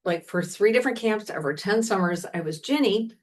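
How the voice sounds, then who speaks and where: A woman's voice: medium pitch, expressive, fairly quick. Chatty woman rambling about books. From Washington, D.C., United States. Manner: chatty and rambling, with frequent self-corrections. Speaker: podcast co-host recommending books. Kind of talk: casual chat.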